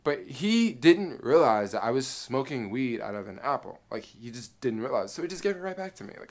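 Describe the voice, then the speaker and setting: A man's voice: medium pitch, fairly quick, gravelly, hardly any pauses. A man vlogger telling a travel story in a casual way, full of fillers and acting out the lines of others. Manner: animated, many fillers, acts out soldiers' lines.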